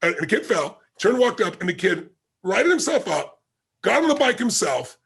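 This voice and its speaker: A man's voice: high voice, very animated, normal speed, vocal fry, a bit bright, breathy edge. A man being interviewed as a guest, telling a story vividly and acting out the quoted dialogue. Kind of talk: animated anecdotal storytelling.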